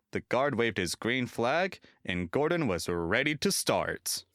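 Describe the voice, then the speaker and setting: A man reading a children's railway storybook aloud in an expressive, sing-song narrating style. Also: on the low side, dry recording, clean studio sound.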